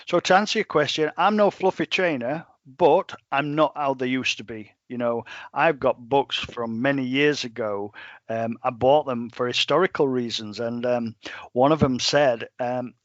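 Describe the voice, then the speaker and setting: A man's voice: mid-range voice, moderate pace, dry recording, muffled recording. Blunt, plain-spoken English man. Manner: blunt, plain-spoken, quotes himself a lot. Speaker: professional gun dog trainer. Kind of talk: casual podcast interview.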